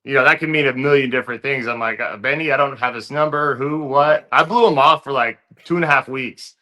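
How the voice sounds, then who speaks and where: A man guest in an interview, telling a story in a relaxed, casual way with lots of fillers. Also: mid-range voice, a little fast. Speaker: interview guest, fighter turned actor.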